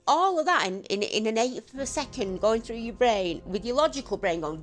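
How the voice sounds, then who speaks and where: A woman in her fifties giving emotional, halting testimony as an eyewitness, her voice choking up and tearful. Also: a little high, sing-song, soft background music. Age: 50s. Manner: halting, emotional, repeats herself. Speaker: eyewitness interviewee, researcher.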